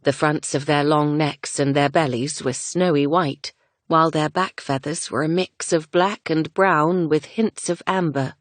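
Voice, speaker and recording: A woman narrates a romance audiobook in a gentle, measured way. Her voice sits low, and the recording is dry and close with no room sound. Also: fairly even intonation, no room sound. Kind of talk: scripted narration.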